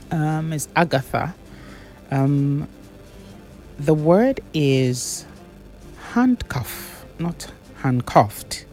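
A woman's voice: sits low, darkish tone. A woman, a diction and public speaking coach giving corrective feedback on debaters' pronunciation.

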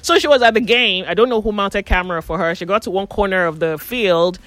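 A woman's voice: mid-range voice, a little fast, hardly any pauses, no room sound. A woman chatting casually, telling gossipy stories and acting out what people said. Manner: animated gossipy storyteller, acts out quotes. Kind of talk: casual chat, storytelling.

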